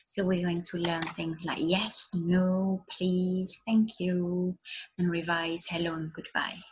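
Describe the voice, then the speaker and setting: A woman's voice: lowish voice, flat delivery, takes it slowly, slightly rough. A woman teacher giving an online lesson to young children, encouraging them and modelling words for them to repeat. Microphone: recorded for an online video lesson.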